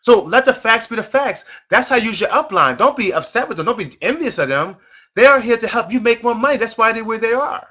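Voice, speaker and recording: A man's voice: a little high, sharp tone, muffled recording. A middle-aged man, a network marketing team leader, giving an emphatic, repetitive motivational sales training on a conference call and calling his listeners "folks".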